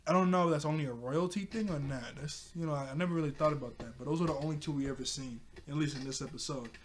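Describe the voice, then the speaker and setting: A young man casually recapping a cartoon episode, retelling the scenes loosely with quick quoted lines and frequent laughs. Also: on the high side. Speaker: cartoon reviewer.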